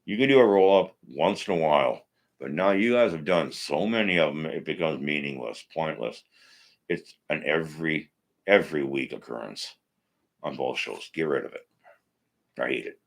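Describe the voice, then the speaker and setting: A man's voice: deep voice, lively intonation, moderate pace. A blunt, profane man from Minnesota hosting a casual live stream about wrestling, ranting his opinions. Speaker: wrestling podcast host.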